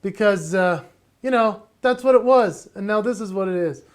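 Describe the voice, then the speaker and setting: A man giving a playful, energetic virtual keynote from his home, laughing often and slightly out of breath. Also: high voice, moderate pace, clear, resonant tone. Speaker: motivational speaker and entertainer.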